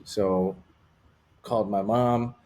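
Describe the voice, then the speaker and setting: Low-voiced man telling a candid story. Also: fairly even intonation, slow pace, darkish tone. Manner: candid, rambling, with frequent "like" fillers. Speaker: interview guest. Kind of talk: casual storytelling in conversation.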